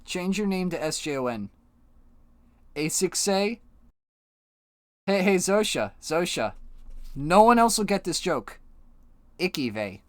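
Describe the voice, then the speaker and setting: Male streamer, animated pitch, dry close sound, casual and profane with chat. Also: unhurried, long pauses, dry recording. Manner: chatty, swears casually, talks to chat.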